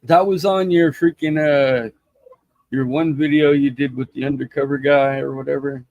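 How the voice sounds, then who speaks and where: A man's voice: mid-range voice, moderate pace, no room sound, muffled recording. A man with an ordinary mid-range voice hosts a loose chat and tells stories with energy, acting out every quote. His mic sounds dry and close. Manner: animated storyteller, acts out quotes. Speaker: host. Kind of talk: casual livestream storytelling.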